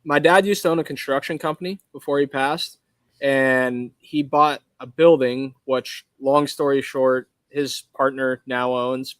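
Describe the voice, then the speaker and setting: A man from Arizona with a relaxed, rambling way of talking full of fillers, a guest in a casual podcast interview from his welding shop over a video call. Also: mid-range voice, dry recording. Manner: laid-back, rambling, filler-heavy talk.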